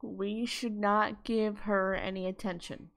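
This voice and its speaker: A woman's voice: medium pitch, little pitch movement, takes it slowly. A woman vlogger in a heated, blunt rant, swearing freely as she talks to her viewers. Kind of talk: angry vlog rant.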